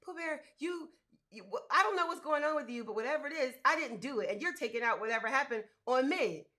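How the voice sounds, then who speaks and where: Woman doing a fed-up, defensive partner, high and pushed. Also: lively intonation, quick pace, pushed and bright. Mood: exasperated.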